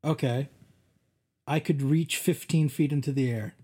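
A man's voice: fairly high pitch, a little slow, warm tone. A man playing a tabletop game, joking around, stammering over words and laughing. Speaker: player. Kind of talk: casual tabletop game chat.

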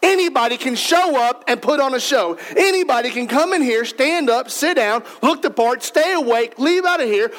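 A man's voice: extremely high pitch, lively intonation, moderate pace, few pauses, a bit bright, poor audio. A man preaching a sermon as pastor, in a conversational, emphatic way, speaking straight to the congregation in a church.

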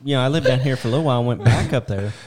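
A man's voice: medium pitch, rapid-fire, crowd noise. Rambling, laughing male storyteller. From Detroit, Michigan. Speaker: podcast co-host. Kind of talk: casual chat.

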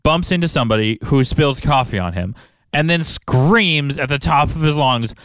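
A young man co-hosting a casual podcast chat, telling jokey stories in an animated way. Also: fairly high pitch, normal speed, no room sound. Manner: joking, animated storytelling. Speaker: podcast co-host.

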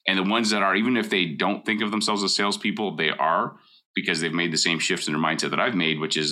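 A middle-aged Canadian man, a mortgage broker, talks fast in a deep, steady voice with a bright, forceful tone. In a casual talk he gives blunt, emphatic advice and hammers home his points.

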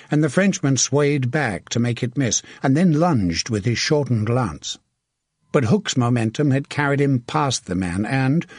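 A man narrating a historical novel in a steady, measured audiobook reading. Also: medium pitch, no echo, studio quality. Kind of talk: scripted narration.

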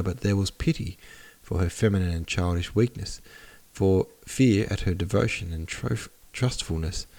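Deep-voiced male audiobook narrator. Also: creaky, darkish tone. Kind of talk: scripted narration of a classic novel.

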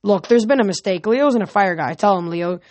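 A woman's voice: mid-range voice, expressive, brisk, a little mellow, dry recording, natural voice. A woman reading the part of a serious, uneasy teenage boy hero in an earnest manner.

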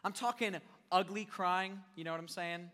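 A young man preaches a lively sermon and jokes with his listeners. His voice is high and bright. It carries a long reverb from a large hall. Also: moderate pace. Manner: animated, joking with the crowd, acting out scenes. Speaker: youth pastor.

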